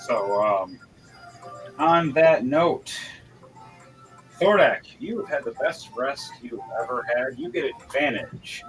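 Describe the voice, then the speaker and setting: A man's voice: mid-range voice, lively intonation, slow pace, long pauses, fairly bright tone, faint music behind, low-quality recording. A man narrating as game master of a tabletop role-playing session, in a loose, conversational way with frequent restarts.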